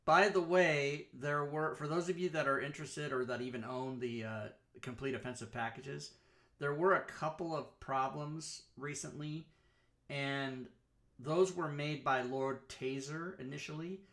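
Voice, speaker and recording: A man hosting a live-streamed talk show, walking through software in a chatty, rambling way and often correcting himself. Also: fairly high pitch, steady tone, unhurried.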